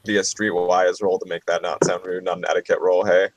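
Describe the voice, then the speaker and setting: A man with a low voice takes his turn at a tabletop game, musing aloud and checking rules as he goes. The sound is dry and close. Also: level tone, brisk, dry recording, low-quality recording. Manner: thinking aloud, questioning. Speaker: player.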